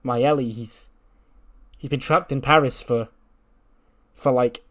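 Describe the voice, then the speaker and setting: A man's voice: medium pitch, steady tone, measured pace, fairly bright tone, lightly acted. A tearful young male wrestler whines and pleads about his lost partner, as a man voices him. He sounds self-pitying and close to sobbing. It comes across like a moment in a wrestling game's story. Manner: whiny, pleading.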